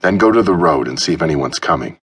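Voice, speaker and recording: A male narrator voicing a suspicious, armed middle-aged man who gives clipped, gruff orders. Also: very deep voice, lively intonation, fast talker, recorded from a distance, exaggerated voice. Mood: menacing.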